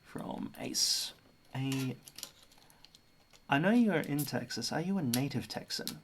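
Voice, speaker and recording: An Australian man hosts a relaxed livestream and chats about accents in an unhurried way. His voice sits at an ordinary male pitch, and he takes his time between thoughts. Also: slight background noise. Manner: chatty, muses about accents. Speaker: livestream host. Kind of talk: casual stream chat.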